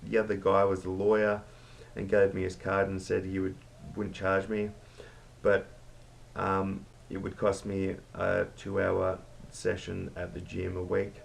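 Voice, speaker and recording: A man's voice: low-pitched, monotone, measured pace, vocal fry, slight background noise, heavily acted. A man voicing a cheeky pub worker who tells stories as a joke. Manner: cheeky storytelling banter. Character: cheeky male Aussie pub worker, joker.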